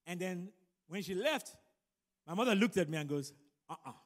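A middle-aged man preaching a sermon and telling a personal story, animated and building to loud emphatic peaks. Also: high voice, normal speed. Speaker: pastor. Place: large church room. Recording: long hall reverb.

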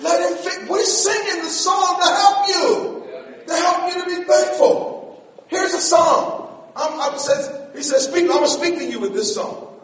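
A middle-aged man preaching a sermon in a church, animated, swinging between shouts and quiet asides. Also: very high-pitched, unhurried. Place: church sanctuary. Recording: echoey hall, mic at a distance.

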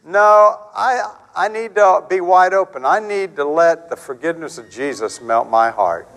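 A middle-aged man preaching with a high, lively voice that leaps up and down in pitch. He talks to the congregation like friends, acting out the people in his stories as he goes. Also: measured pace, rough recording. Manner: animated, conversational, acts out quotes with big pitch swings. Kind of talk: sermon.

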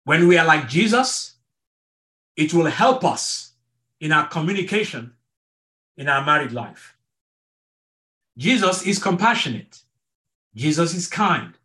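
A man's voice: on the high side, sing-song, measured pace, long pauses, sharp tone. A middle-aged man teaching an online marriage class as a pastor, earnest and repeating his words to stress each point. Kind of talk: online sermon-style teaching.

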